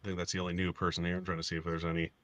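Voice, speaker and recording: A man's voice: sits low, monotone, very fast, a bit bright, dry recording, highs cut off. A man hosting a casual livestream about collecting films, laughing often and reading viewer comments. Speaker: host of a film collectors' show.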